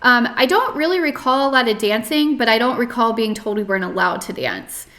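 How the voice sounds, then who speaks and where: Brief: young woman guest, rambly, restarting talk, slightly high voice. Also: expressive, brisk, a bit bright, a little hiss or hum. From North Carolina. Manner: chatty, many fillers and restarts, frequent "like". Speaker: podcast guest. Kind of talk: casual interview, personal story.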